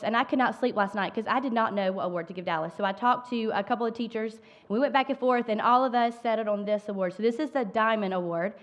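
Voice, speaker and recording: A woman teacher speaking affectionately to her students while giving out class awards at a church service. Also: on the high side. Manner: warm, affectionate. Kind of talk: award ceremony speech. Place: church sanctuary.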